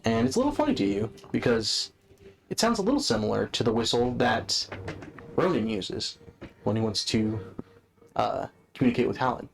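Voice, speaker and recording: Male game master, mid-pitched, casual, salty language, tabletop narration. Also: very animated, normal speed, creaky, a little hiss or hum. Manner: casual, swears freely.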